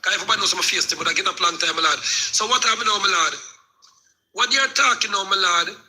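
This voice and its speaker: A man's voice: sits high, fast talker, bright, forceful tone, slight background noise, poor audio. A Jamaican man in a heated live discussion, preaching at length and repeating "my lord" to the other speaker. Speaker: live stream participant.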